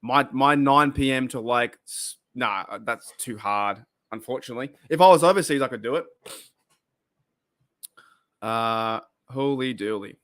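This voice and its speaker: A man's voice: mid-range voice, a little slow, fairly bright tone. A man hosting a casual live stream, chatting and reacting to viewer comments, often repeating himself and exclaiming. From Australia. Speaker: podcast host reading live chat.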